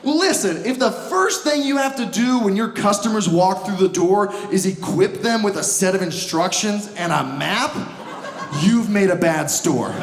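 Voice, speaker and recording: High-voiced ranting male comedian. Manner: exasperated ranting, sarcastic. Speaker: stand-up comedian. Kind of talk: stand-up comedy set. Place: comedy club stage. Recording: echoey club with crowd laughter.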